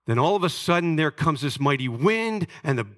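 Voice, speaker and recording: A middle-aged male pastor preaches a sermon in a sing-song, fairly quick delivery. He recounts scripture stories dramatically, swinging from loud, emphatic peaks down to hushed, low lines.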